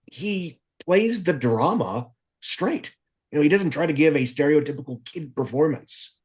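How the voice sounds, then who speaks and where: A man co-hosts a casual podcast with wry, opinionated remarks. His voice is husky, and his pitch moves a lot. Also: lively intonation, unhurried, a little mellow. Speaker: podcast co-host.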